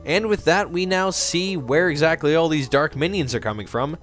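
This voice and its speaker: A man's voice: fairly high pitch, normal speed, a bit bright, faint music behind. Joking man giving game commentary. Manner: jokey, rambling, self-mocking. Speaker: let's play host. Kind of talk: gameplay commentary.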